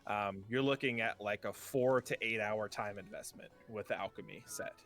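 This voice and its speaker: A man's voice: on the low side, moderate pace, fairly bright tone, faint music behind. A man narrating a tabletop game as game master, rambling with lots of fillers and restarts.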